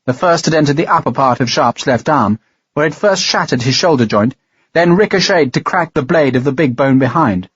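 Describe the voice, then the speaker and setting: A man narrating an audiobook in a steady, measured reading. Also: on the high side, slightly rough, no room sound, highs cut off. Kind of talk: scripted narration.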